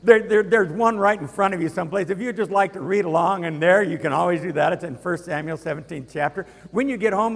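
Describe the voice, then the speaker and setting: A man pastor preaching a lively sermon in a church, getting the congregation to repeat lines aloud. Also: fairly high pitch, gravelly. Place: church sanctuary. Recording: reverberant hall.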